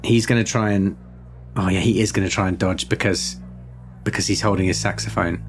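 A man running a tabletop horror game as game master, narrating in a halting way with frequent restarts. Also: low-pitched, steady tone, heavy background noise.

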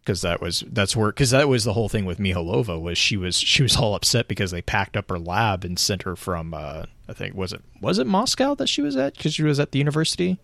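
Man, low voice, very lively pitch, enthusiastic, rambling, podcast co-host. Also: fast talker, gravelly, few pauses, no echo, clean studio sound. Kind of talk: casual chat about game lore.

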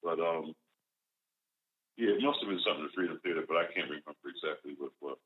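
A man with a very deep, low voice talks through a casual interview, thinking aloud and drifting into quiet, half-finished recollections. The recording is muffled and lo-fi. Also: quick pace, slightly rough. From Philadelphia. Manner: reflective, trails off and restarts, drops to quiet musing. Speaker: guest actor. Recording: dull lo-fi sound.

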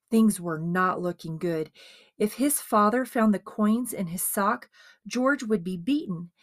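A woman narrating a dramatized biography as an audiobook, with expressive storytelling. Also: mid-range voice, unhurried, dry recording, clean studio sound.

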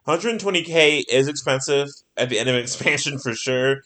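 A man co-hosting a casual podcast who talks excitedly, swears freely and laughs often. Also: mid-range voice, a little fast. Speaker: podcast co-host.

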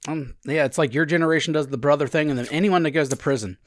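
A man's voice: fast, dry recording, clean studio sound. A younger man hosting a podcast, talking casually and laughing often. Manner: animated, laughing, swings up in pitch. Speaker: podcast host. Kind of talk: casual chat.

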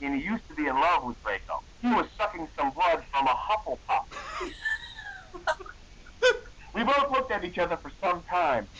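A man's voice: fairly high pitch, fairly bright tone, muffled recording. A young man hosting a podcast, reading a silly story aloud in a mock-serious, comedic way. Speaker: podcast co-host.

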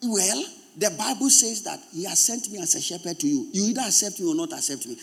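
High husky Ghanaian pastor preaching. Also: male voice, quick pace. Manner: animated preaching, addressing the congregation directly. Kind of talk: sermon.

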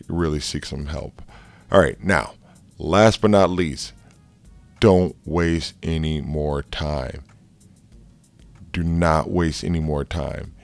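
A man with a very deep, gravelly voice coaches viewers in a loose, joking way. He wanders through fillers and asides. The sound is dry and close, with no room around it. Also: no echo. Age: adult, married with kids. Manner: energetic and jokey, loose with fillers. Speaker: life coach. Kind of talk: casual motivational vlog talk.

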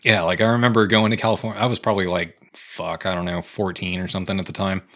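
Young man, laid-back podcast chat, swearing, lowish bright voice. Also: little pitch movement, fast talker. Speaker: podcast co-host. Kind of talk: casual chat.

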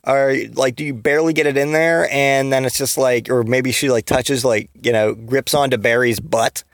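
A man's voice: mid-range voice, fairly even intonation, moderate pace, no room sound, studio quality. A man hosting a comedy podcast, rambling through a giggly monologue full of fillers and restarts. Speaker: podcast host.

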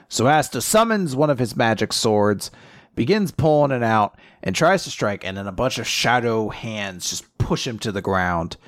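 A man's voice: mid-range voice, moderate pace, dry recording, studio quality. A young man co-hosting a podcast, recapping a story in casual chat and acting out the characters' lines. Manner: animated, laughing, acts out quotes. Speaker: podcast co-host.

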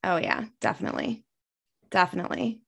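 A woman co-hosting a casual podcast, upbeat and quick to laugh as she wraps up with her guest. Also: fairly low pitch, vocal fry. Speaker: podcast co-host.

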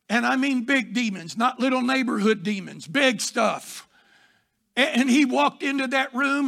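High, gravelly preacher man. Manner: fervent preaching with shouted emphasis and repetition. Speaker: pastor. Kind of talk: sermon. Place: church sanctuary.

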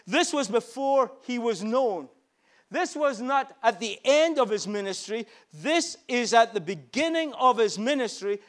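A man with a strikingly high voice preaches to a congregation at a church service. He repeats his lines and drags out key phrases for emphasis, with a fervent, driving sermon cadence. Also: a bit bright. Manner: emphatic and repetitive, slowing down to stress key phrases.

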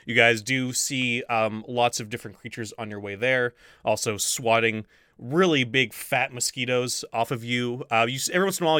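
Brief: game master, male, bright forceful voice, dry close sound, filler-heavy narration. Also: mid-range voice, smooth, no room sound. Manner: rambling, many ums and uhs, laughs easily.

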